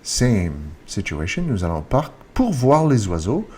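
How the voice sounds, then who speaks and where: A man teaches grammar in a slow, deliberate way, repeating each example sentence. His somewhat low, husky voice swings widely in pitch and jumps up on the question words. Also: big pitch swings, a little mellow. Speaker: French teacher. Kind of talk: video lesson explaining grammar.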